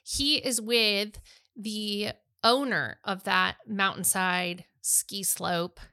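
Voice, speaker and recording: A woman's voice: mid-range voice, fairly even intonation, very slow, pushed and bright, clear, resonant tone. A middle-aged woman co-hosting a podcast, chatting enthusiastically about books. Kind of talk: casual chat about books.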